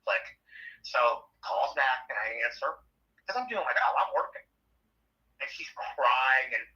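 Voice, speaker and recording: A man's voice: medium pitch, unhurried, rough recording. A middle-aged man and former radio host, chatting casually and telling blunt, profane stories. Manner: blunt, profane, animated storyteller. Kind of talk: casual chat.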